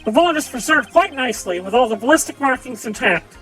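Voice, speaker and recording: A woman's voice: sits high, expressive, quick pace, a bit bright, faint music behind. A woman streaming live, reading a courtroom visual novel aloud and voicing its characters in a theatrical way.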